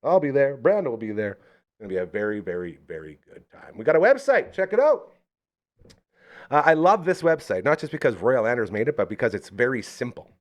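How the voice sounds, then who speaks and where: A man's voice: medium pitch, big pitch swings, fast talker. A man hosting a live local podcast, chatting casually and rambling through enthusiastic sponsor plugs. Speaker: podcast host.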